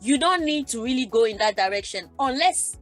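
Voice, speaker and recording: A woman who grew up in Germany, speaking as a panelist in a discussion, talking in an animated way with many restarts and repeated words. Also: fairly high pitch, fairly quick, soft background music. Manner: animated, acts out quoted exchanges, repeats herself.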